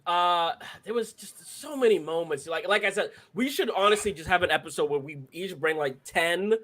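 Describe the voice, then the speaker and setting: Bright-voiced enthusiastic young man. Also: high-pitched, lively intonation, moderate pace. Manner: enthusiastic, rambling with many fillers. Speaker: podcast co-host. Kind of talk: casual chat.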